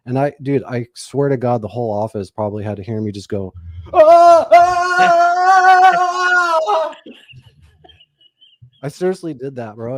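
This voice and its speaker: A man in his forties co-hosting a podcast, telling stories in a loose, profane, animated way. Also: mid-range voice. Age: 40s. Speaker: podcast co-host. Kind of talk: casual podcast chat.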